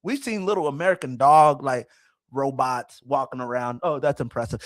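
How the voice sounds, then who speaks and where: A man in his thirties hosting a casual commentary vlog, talking in an excitable, rambling way with frequent restarts. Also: fairly high pitch, normal speed, dry recording. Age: 30s. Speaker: host.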